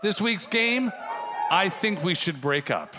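A male game show host with a dry, teasing delivery, pitched slightly high. He is recorded live on a theater stage, with long reverb and a loud audience behind him. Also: animated, a crowd in the background, noisy background. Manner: brisk, dry and teasing, often into laughter. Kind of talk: live improv game hosting.

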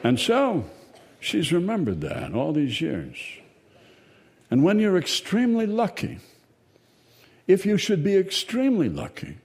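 An older man telling a story in a slow, rambling, wry way, correcting himself as he goes. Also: high-pitched, huge pitch swings, creaky, darkish tone. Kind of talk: spoken storytelling monologue. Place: outdoors in sunshine.

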